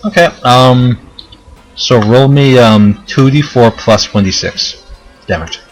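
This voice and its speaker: A man as game master, explaining rules in a relaxed way with many fillers. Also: medium pitch, slow, faint music behind, low-quality recording. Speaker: dungeon master. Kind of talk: running a tabletop game.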